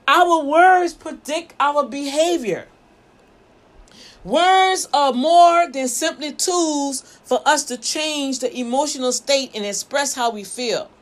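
A woman's voice: high voice, lively intonation, slow, long pauses. A woman minister and show host, preaching emphatically with rhetorical questions and repeated words. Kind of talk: preaching talk.

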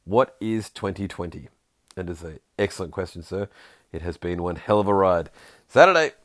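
Deep-voiced man, jokey podcast host. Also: steady tone, dry recording, studio quality. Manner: jokey, reads tweets aloud with quick asides. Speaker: podcast host reading listener tweets. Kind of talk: casual chat.

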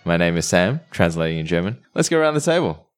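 A man's voice: deep voice, sing-song, fast talker, clean tone, soft background music. A man hosting a casual podcast, joking and bantering crudely with his co-hosts. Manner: jokey, playfully crude banter. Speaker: podcast host.

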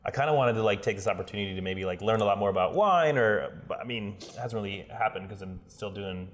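Chill guy podcasting, lowish voice, keeps saying like, curses a lot. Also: quick pace, long reverb tail. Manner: rambling, swears, many fillers. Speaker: podcast co-host. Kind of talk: casual chat.

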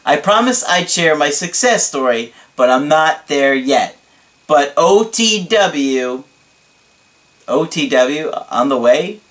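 A man voicing an excitable young male fan who stretches his words out dramatically. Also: a little high. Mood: gushing. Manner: drawn-out dramatic emphasis.

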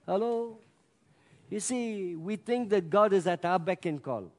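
A man preaching a sermon with emphatic delivery that swells to loud peaks. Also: sits high, expressive, a little slow. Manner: emphatic, rising to loud peaks, acts out scripture voices. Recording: long hall reverb.

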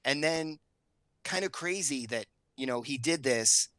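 A middle-aged man tells a story on a casual podcast, his voice bright and forceful. He jumps up in pitch to play the other people in his story. The sound is close and dry. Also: unhurried, no room sound. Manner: animated storyteller, acts out quotes with raised pitch. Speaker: podcast co-host. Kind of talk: casual chat.

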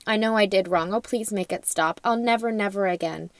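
A woman's voice: medium pitch, a little fast, dry recording, lightly acted. A woman reading aloud as a broken old male wizard, pleading and desperate.

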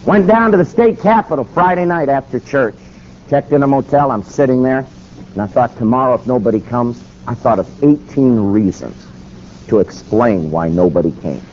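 A man's voice: mid-range voice, normal speed, darkish tone. A man preaching a sermon, telling a story dramatically and acting out the dialogue. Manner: dramatic, acts out quoted dialogue. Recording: dull lo-fi recording with faint noise.

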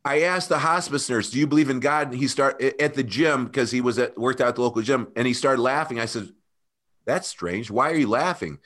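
A man guest telling an emotional personal story, earnest and animated, often calling the host by name. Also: medium pitch, fairly quick. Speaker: podcast guest.

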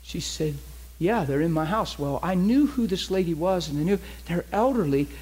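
Husky guy preaching, kinda high voice, acts out the people in his story. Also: moderate pace. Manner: animated storyteller who acts out the people he quotes. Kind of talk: sermon storytelling.

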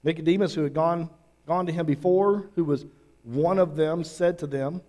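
A man preaching a sermon, earnest and emphatic, with drawn-out pauses. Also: fairly high pitch, darkish tone. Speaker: pastor.

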